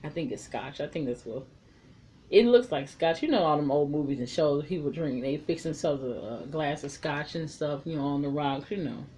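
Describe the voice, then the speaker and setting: A woman's voice: sits low, normal speed, dark tone. A woman casually recapping and reviewing a TV episode, chatty and frank, swearing freely.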